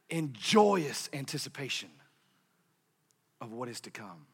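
A man in his thirties preaching a sermon, swinging between hushed murmurs and shouted peaks. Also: on the high side, sing-song, moderate pace, slightly rough. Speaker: pastor. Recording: long hall reverb.

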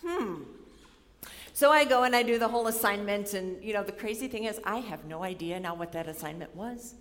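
Young woman, animated sermon storyteller, mid pitch, long reverb from a large hall. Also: fast talker. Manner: animated storyteller, acts out her own worried voice. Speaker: speaker giving a chapel talk.

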